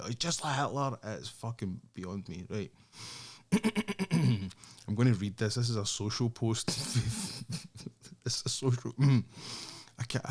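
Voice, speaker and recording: A man with a Scottish accent hosting a solo podcast, sardonic and sweary, often breaking into laughter. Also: medium pitch. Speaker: podcast host.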